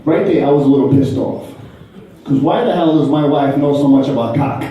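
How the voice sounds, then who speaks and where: A man's voice: a little high, brisk, very echoey, distant mic, dull audio, slight background noise. A man performing a brash, profane stand-up comedy set in a club, acting out other people's voices. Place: comedy club stage before a laughing audience.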